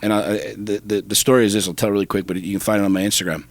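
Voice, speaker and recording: A man's voice: fairly low pitch, flat delivery, very fast. A middle-aged man, co-host of a talk show, telling a personal story with intense, profane emphasis that builds to fervor. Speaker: podcast co-host. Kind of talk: casual chat.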